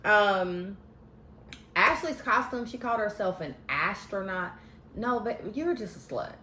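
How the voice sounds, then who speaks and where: A woman's voice: mid-range voice, lively intonation, measured pace, pushed and bright, a little hiss or hum. A woman recapping a reality show in a casual, sassy, slangy way, giving candid opinions. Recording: echoey room.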